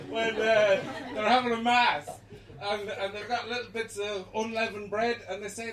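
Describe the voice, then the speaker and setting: Young Irish stand-up, rambling and chuckling, high voice, caught from a distance in a roomy basement. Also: male voice, a little slow, a crowd in the background. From Ireland. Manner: rambling, chuckling through jokes, sudden shouted bits. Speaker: stand-up comedian. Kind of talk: live stand-up set. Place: small basement comedy room. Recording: echoey basement gig, distant mic, loud noise.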